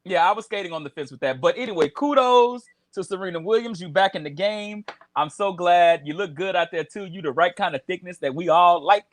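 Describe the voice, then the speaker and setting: Man, high bright voice, sassy chat show co-host, dry sound. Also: a little fast, dry recording. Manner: sassy, playful, animated storyteller. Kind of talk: casual chat show banter. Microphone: video call.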